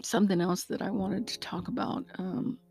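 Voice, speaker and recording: Outspoken woman host, warm mellow tone, mid pitch, faint music under her. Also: fairly even intonation, normal speed, vocal fry, slightly rough. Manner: earnest, outspoken, with frequent fillers and asides to listeners. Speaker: podcast host. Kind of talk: casual solo podcast monologue.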